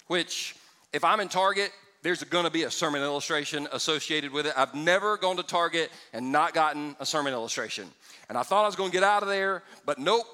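A bright-voiced man preaching with lively storytelling, slipping into quick impressions and jokes. His voice rings out through a large hall with a long reverb tail. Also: sits high. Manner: animated storytelling, acts out voices, joking asides. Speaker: pastor. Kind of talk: sermon.

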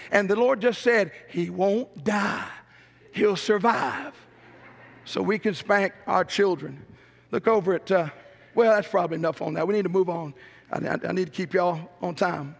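A middle-aged pastor with a drawl preaches in an emphatic, storytelling way, driving his points home by repeating them. His voice sits high and carries a gravelly rasp, ringing out with a long reverb through a church sanctuary. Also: fairly bright tone. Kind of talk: sermon.

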